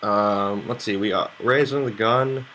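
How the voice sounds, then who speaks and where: Young male streamer, lowish voice with a bright bite, loose rambling chat. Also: fairly even intonation, unhurried, a little hiss or hum. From United States. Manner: rambling, loose and chatty, swears freely. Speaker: poker streamer. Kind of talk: casual live-stream chat to viewers.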